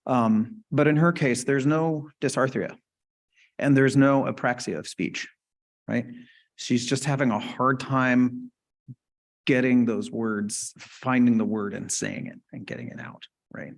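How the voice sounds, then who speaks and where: A man lecturing at a medical conference in a relaxed, conversational way. He keeps tossing "right?" to the room. His pitch sits in an ordinary middle range. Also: unhurried. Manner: conversational, asks the audience "right?" often. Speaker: conference lecturer on stroke speech therapy. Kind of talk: clinical lecture.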